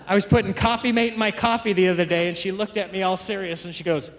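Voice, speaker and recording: A male stand-up comedian telling stories to a live crowd, with quick asides to the audience, on a handheld stage mic. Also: sits high, a bit bright. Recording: live stage mic with long hall reverb and crowd laughter.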